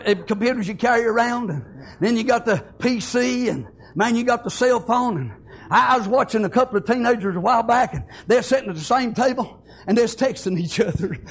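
A man preaching a fiery, folksy sermon that builds to shouts. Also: very high-pitched, fairly quick.

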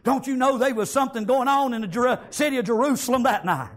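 A man preaching a fiery revival sermon in a church, punctuating nearly every line with "amen" and shouted praise. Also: very high voice, fast talker.

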